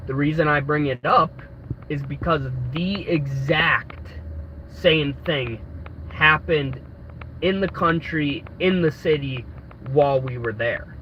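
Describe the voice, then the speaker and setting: A man with a stuffy nose from a cold, telling a travel story in a casual, rambling live stream full of restarts. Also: on the high side. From United States. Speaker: travel vlogger. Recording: dull lo-fi audio with faint background noise.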